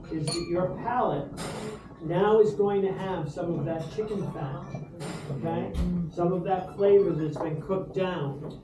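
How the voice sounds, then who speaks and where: A middle-aged man from Rhode Island giving a humorous, rambling toast to dinner guests in a restaurant, with lots of ums. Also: sits high. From Rhode Island, USA. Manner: humorous anecdotal storyteller, many fillers. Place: restaurant dining room. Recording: roomy echo from far off, background noise.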